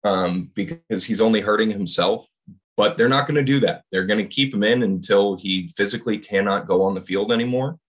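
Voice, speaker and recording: A man co-hosting a podcast, talking sports casually in a hesitant, halting way. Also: on the low side. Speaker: podcast co-host.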